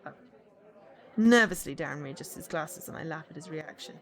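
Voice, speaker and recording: A woman's voice: low-pitched, expressive, moderate pace, some chatter behind. A woman streamer reading a visual novel aloud, with playful, laughing asides.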